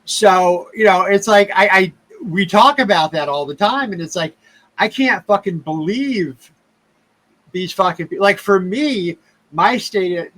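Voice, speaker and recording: A man's voice: high voice, a bit bright, low-quality recording. A man hosting a casual interview podcast, talking bluntly and heatedly with plenty of swearing. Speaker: podcast host.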